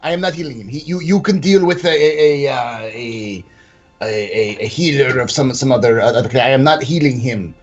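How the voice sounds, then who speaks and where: A man playing a tabletop game in character, talking haltingly with many restarts. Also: mid-range voice, muffled recording, faint music behind. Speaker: player.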